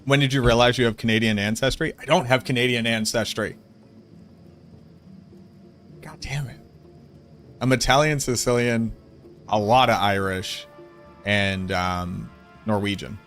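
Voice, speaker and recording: A man with a Boston accent chats on a live game stream, reacting to viewers in an animated, jokingly indignant way. His voice sits at a middling pitch, with faint music playing behind him. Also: unhurried, pauses often. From Boston area, US. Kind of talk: casual live-stream chat, reading chat aloud.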